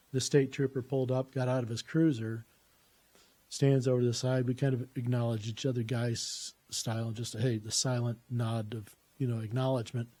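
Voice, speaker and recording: A middle-aged man with a mellow, mid-range voice shares his personal faith testimony. He tells it conversationally, plainspoken and earnest, swearing casually along the way.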